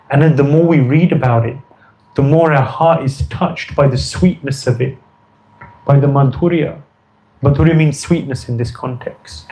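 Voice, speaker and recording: A man's voice: mid-range voice, a little mellow, poor audio. A man giving an earnest devotional lecture as a spiritual teacher, often repeating phrases for emphasis.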